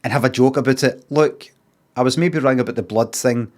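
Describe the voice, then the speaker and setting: A Scottish man streaming, telling a story in a casual, sweary rant and acting out both sides of an argument in quick asides. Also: medium pitch, darkish tone.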